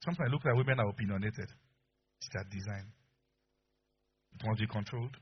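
A man preaching a sermon as pastor, telling stories with animated delivery and frequent laughter, on a dull lo-fi recording. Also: lowish voice, a little fast, breathy edge. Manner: animated storyteller, acts out voices, laughs often.

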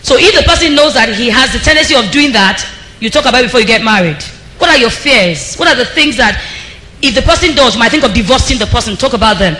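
A woman preacher giving a lively sermon, calling out to the congregation and laughing often. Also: a little high, fast talker, echoey room, slight background noise, rough recording. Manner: lively, laughing, calls out to the crowd. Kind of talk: sermon on marriage.

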